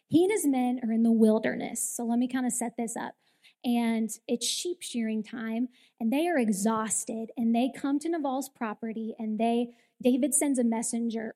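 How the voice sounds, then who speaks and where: A woman in her thirties giving a Mother's Day church talk, telling a story in an animated way and acting out the quoted lines. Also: fairly high pitch. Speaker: women's ministry speaker. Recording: long hall reverb.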